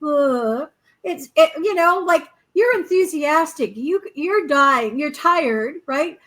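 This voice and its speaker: A woman co-hosting a casual spiritual podcast, reading oracle cards in an encouraging, animated way. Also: sits high, slow pace, poor audio. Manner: encouraging, animated, acts out little quotes.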